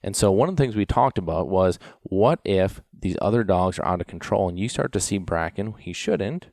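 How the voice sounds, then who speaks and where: Male podcast host and dog trainer, deep low voice, rambling storyteller, dry close sound. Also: a little fast, darkish tone, no room sound. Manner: rambling, storytelling with many restarts and fillers. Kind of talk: casual podcast talk.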